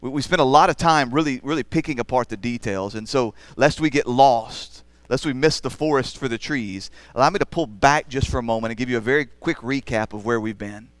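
A man's voice: medium pitch, fairly quick, hardly any pauses, no echo. A man preaching a sermon as the pastor, earnest and rising to emphatic passages.

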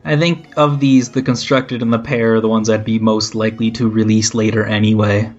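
A man's voice: on the low side, brisk. Man, game master, casual rambling chat, lo-fi voice call, faint music behind. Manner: relaxed, explains plans in loose rambling sentences.

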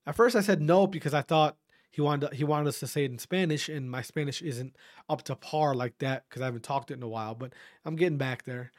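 Profane, animated male podcast host. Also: fairly high pitch, a little fast, no room sound, clean studio sound. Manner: profane, animated, self-interrupting. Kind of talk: casual storytelling monologue.

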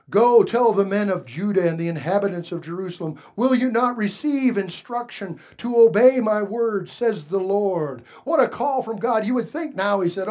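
A man preaching a sermon, moving from quiet asides to raised, emphatic lines and asking the congregation questions. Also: high voice. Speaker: pastor.

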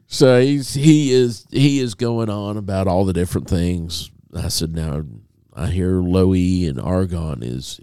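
A man co-hosting a podcast, telling a long story in a casual, animated way and acting out a phone call. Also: low voice, gravelly, no room sound, studio quality. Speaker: podcast co-host.

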